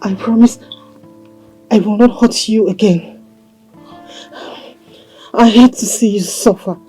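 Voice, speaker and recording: A Nigerian-accented woman playing a seductive, possessive female marine spirit princess in a film, coaxing and commanding in a slow, insistent way. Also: medium pitch, warm tone, breathy edge, soft background music, rough recording. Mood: apologetic. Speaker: spirit wife. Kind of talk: Nollywood film acting.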